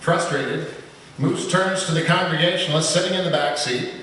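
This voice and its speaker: A guest preacher from Michigan, joking his way into a sermon with a slightly high voice. He sounds far from the mic in a church sanctuary with a long echo and faint room noise. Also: normal speed, fairly bright tone. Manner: joking, storytelling. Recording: echoey hall, distant mic.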